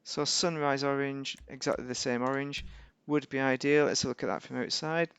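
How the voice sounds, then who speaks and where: A man's voice: mid-range voice, fairly even intonation, moderate pace, gravelly, a bit bright, clean tone. A man giving casual, rambling gameplay commentary as a YouTuber, correcting himself and making wry asides. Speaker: gaming YouTuber.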